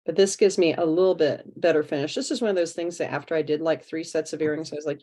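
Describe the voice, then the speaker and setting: Talking fast with hardly any pauses, an art teacher runs a craft workshop over a video call in a low, mellow voice. She chats as she works, explaining the project one step at a time.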